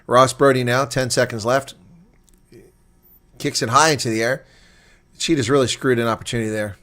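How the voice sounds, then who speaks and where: A man giving live watch-along rugby play-by-play, swinging from calm asides to excited shouting on breaks. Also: medium pitch, moderate pace, long pauses. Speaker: rugby commentator.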